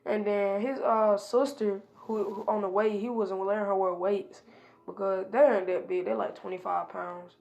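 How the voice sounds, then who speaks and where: Rambling woman with a gravelly voice. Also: mid-range voice, steady tone, moderate pace, a little mellow, lo-fi sound. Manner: rambling, strings events with "and then he was like"; frequent hesitation fillers. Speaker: storyteller. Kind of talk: casual improvised fan-fiction retelling.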